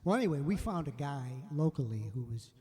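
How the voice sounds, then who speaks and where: A man's voice: a little high, brisk, slightly rough, in a large hall. An older man, a musician host, telling a rambling story casually, breaking off and voicing the people he quotes. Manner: rambling, self-interrupting, quotes others in lively voices.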